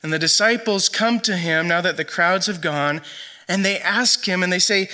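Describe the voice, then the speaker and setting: A man preaching a sermon in a conversational way, acting out the lines he quotes with lively emphasis. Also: high-pitched, moderate pace. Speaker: pastor.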